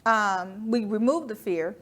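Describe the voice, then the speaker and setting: A woman guest in a business interview, telling lively stories and acting out the dialogue. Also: mid-range voice, a little slow. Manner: animated storyteller, acts out dialogue, laughs often. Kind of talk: storytelling interview talk. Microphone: studio microphone.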